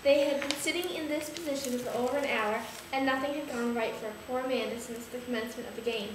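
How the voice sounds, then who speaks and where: A woman's voice: sits high, fast. A woman in a writing group reading a story aloud with mock drama, giggling at her own lines. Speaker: creative writing group member. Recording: very echoey room, background noise.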